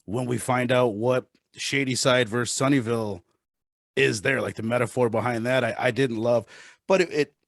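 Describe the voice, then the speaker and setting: An American man with a gravelly, fry-edged voice gives blunt opinions in a casual podcast chat. His recording is dry, with no room sound. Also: mid-range voice, fairly even intonation, moderate pace, no room sound. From United States. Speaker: podcast guest.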